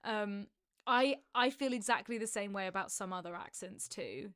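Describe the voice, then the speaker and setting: A woman's voice: mid-range voice, moderate pace, fairly bright tone, smooth, no echo, studio quality. A British woman co-hosting a podcast, chatting enthusiastically with lots of swearing. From England. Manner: enthusiastic, laughing, heavy swearing. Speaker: podcast co-host. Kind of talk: casual chat.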